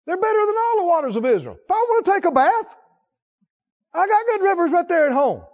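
A man voicing a proud, indignant army commander who rants with a self-important manner, in a higher, louder voice than his own. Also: very animated, slow, muffled recording, full character voice. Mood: boastful.

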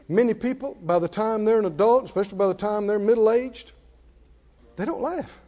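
High-voiced preacher exhorting his congregation. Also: moderate pace, muffled recording. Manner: exhorting, bursts into shouted laughter. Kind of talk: sermon.

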